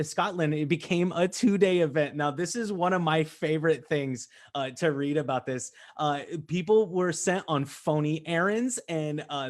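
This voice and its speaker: Chatty upbeat American man, slightly high voice. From United States. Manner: chatty and upbeat, with fillers and asides. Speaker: host. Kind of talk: casual webinar presentation.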